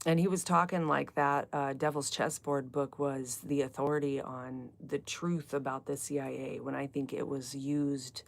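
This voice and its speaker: Low gravelly woman chatting live. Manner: chatty, talks straight to chat viewers, drifts between topics. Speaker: livestream book club host. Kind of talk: casual live chat reading comments.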